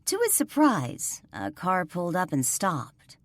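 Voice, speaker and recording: A woman narrating an audiobook in an even storytelling delivery. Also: on the low side, unhurried, dry recording. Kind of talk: scripted narration.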